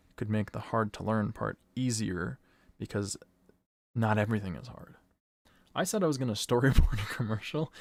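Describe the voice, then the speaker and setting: A man's voice: fairly low pitch, vocal fry, no echo. A man streaming casually while he works, thinking aloud in a rambling way that corrects itself, swearing and laughing often.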